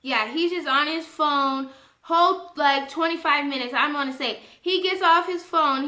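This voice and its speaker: A young woman telling a story to her viewers in a casual vlog, animated and indignant, acting out both sides of a conversation. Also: high-pitched, normal speed, roomy sound. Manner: animated, indignant retelling with quoted dialogue.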